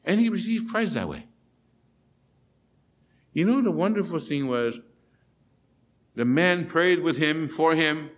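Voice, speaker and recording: A man preaching a sermon and translating himself, telling a story with big swings between loud and soft. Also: on the high side, lively intonation, slow, long pauses. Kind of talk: sermon with self-interpretation.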